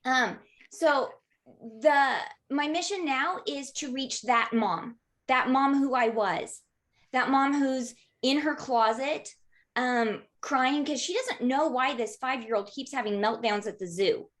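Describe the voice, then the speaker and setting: A woman in her thirties, a podcast guest, telling stories in a lively way with frequent "um" fillers. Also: high voice, slow. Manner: lively, frequent "um" fillers, acts out quoted voices. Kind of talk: conversational storytelling.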